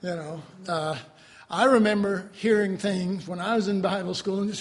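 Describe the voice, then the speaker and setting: A man preaching a sermon to his class, animated, swinging between loud outbursts and quiet asides. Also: high voice, moderate pace, big-room sound. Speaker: preacher teaching a Bible class.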